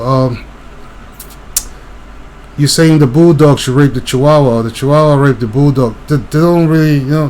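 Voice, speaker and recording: A man's voice: mid-range voice, a little mellow, a little hiss or hum. Blunt rambling man. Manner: blunt, rambling, repeats himself with filler words. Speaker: channel host. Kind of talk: casual monologue commentary.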